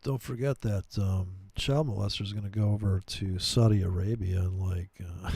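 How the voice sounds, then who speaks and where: Gravelly, husky man ranting crudely. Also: sits low, steady tone, normal speed, a little mellow, dry recording. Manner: crude, mocking, puts on silly voices for quotes. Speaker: trading livestream host. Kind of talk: rambling profane political rant.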